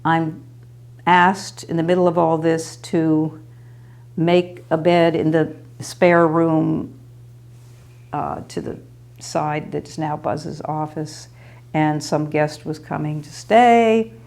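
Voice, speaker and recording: A woman's voice: deep voice, steady tone, takes it slowly, a little mellow. A woman in her sixties or older who reminisces in rambling, anecdotal stories with small laughs. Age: 60s or older. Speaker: storyteller. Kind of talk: reminiscing oral history.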